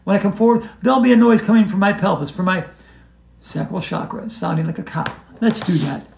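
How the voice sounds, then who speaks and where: A man with a high, gravelly voice walks you through a yoga routine in a whimsical, gently encouraging manner. He sounds like he is in a roomy space with a noticeable echo. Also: fairly quick, slight background noise. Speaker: yoga instructor. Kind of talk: playful yoga tutorial. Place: hotel room.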